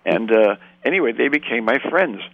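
A man's voice: mid-range voice, expressive, moderate pace, creaky, dry recording, phone-quality sound. An older man from Canada, a film director, telling rambling anecdotes in a radio interview and acting out the voices of the people in his stories.

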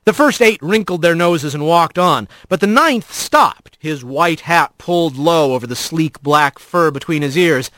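A man narrating a storybook with an expressive, animated reading. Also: fairly high pitch, unhurried, hardly any pauses, dry recording. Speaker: audiobook narrator.

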